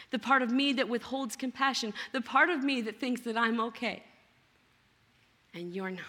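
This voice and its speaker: A woman's voice: sits high, pushed and bright. A woman guest pastor giving an earnest sermon who acts out a character's complaints as she preaches. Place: large church auditorium. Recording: long reverb of a large hall.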